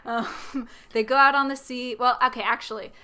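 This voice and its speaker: A woman's voice: on the high side, steady tone, a little fast, crowd noise. A woman co-hosting a podcast, casually and chattily summarizing a film plot, with frequent ums and playful quoted lines. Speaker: podcast co-host. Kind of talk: casual chat recapping a film.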